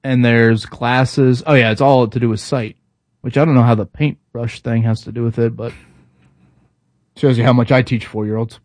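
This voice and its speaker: A man's voice: medium pitch, flat delivery, normal speed, a little mellow, dry recording. A man co-hosting a casual sports talk show, speaking conversationally with frequent fillers and restarts. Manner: conversational, stop-start with fillers. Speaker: sports radio co-host.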